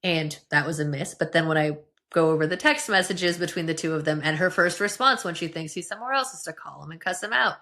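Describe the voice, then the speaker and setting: A woman's voice: low voice, fast, few pauses, pushed and bright. A woman co-hosting a podcast, sharing reflective personal opinions in casual chat. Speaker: podcast co-host.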